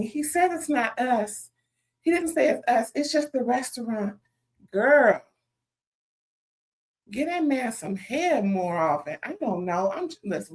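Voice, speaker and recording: A woman recapping a reality TV episode in a casual, chatty commentary full of sassy asides. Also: mid-range voice.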